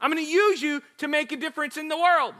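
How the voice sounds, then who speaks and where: A man's voice: very high voice, fast, bright, forceful tone, voice pushed up. A man voicing God as emphatic and encouraging.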